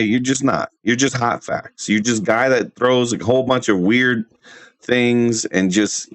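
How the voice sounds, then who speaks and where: A man's voice: medium pitch, dry recording. A man streams live in a loose, rambling rant, firing off brash trash talk with plenty of restarts. His voice sits mid-range and sounds close and dry, with no room around it. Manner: laughs at his own jokes. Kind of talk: casual livestream rant.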